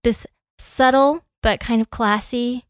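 A woman's voice: fairly high pitch, fairly even intonation, slow, no echo, studio quality. A young woman co-hosting a podcast, chatting in an enthusiastic, playful way. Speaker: podcast co-host. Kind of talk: casual chat.

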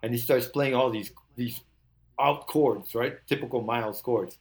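An older man, a musician guest, telling an animated story, laughing often and acting out the quotes. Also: mid-range voice, moderate pace.

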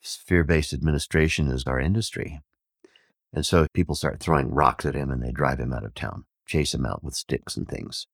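A man telling a parable and teaching on Vedic wisdom, an animated storyteller who acts out the villagers' shouts. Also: extremely low pitch, normal speed, gravelly, no room sound, studio quality. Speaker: podcast host and teacher.

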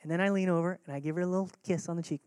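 A man's voice: high voice, fairly even intonation, very fast, a little mellow, clear, resonant tone, dry recording, studio quality. A man preaching a sermon as pastor, earnest and conversational, repeating key words for emphasis.

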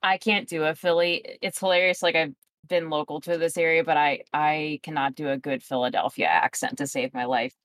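A woman's voice: low-pitched, steady tone, brisk, fairly bright tone, no echo. A woman player at a tabletop game, talking casually and hesitantly with many fillers.

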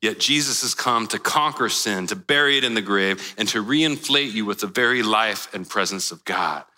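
A man preaching a sermon in a relaxed, conversational way, telling a personal story with casual slang. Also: lowish voice, normal speed, long reverb tail. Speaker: pastor.

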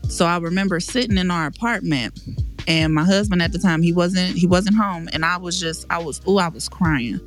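A woman's voice: on the low side, moderate pace, faint music behind. A woman guest on a podcast, telling a painful personal story in a frank, emotional, slangy way with many restarts.

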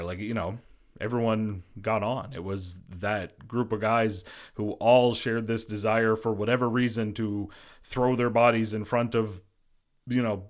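A man with a fairly low voice hosts a solo sports podcast in a casual, unscripted way. He is a former goalie who rambles through his thoughts and keeps reaching for "you know" and "like" as fillers. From Boston area. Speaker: podcast host.

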